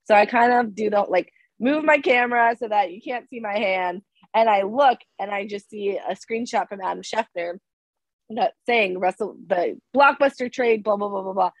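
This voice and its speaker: A young woman co-hosting a podcast in casual chat, telling stories excitedly with a slightly hoarse voice that keeps cracking because she is sick. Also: medium pitch, normal speed, no echo, low-quality recording. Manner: excitable storyteller, gushing and animated. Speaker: podcast co-host.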